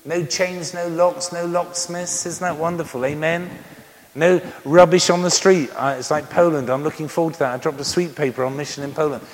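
A man's voice: a little high, brisk, few pauses. A man in his sixties preaching a sermon, joking and telling stories between repeated amens. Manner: animated, joking storyteller with many amens. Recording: reverberant hall with faint noise.

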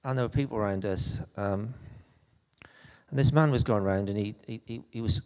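A man preaching an anecdotal sermon in a conversational, halting way, with frequent restarts. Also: on the low side, darkish tone, big-room sound.

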